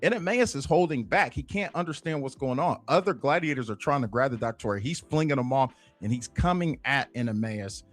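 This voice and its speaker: A man's voice: medium pitch, animated, brisk, few pauses, soft background music. Rambling man recapping a TV episode. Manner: rambling, frequent fillers like "you know" and "basically". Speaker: TV episode reviewer.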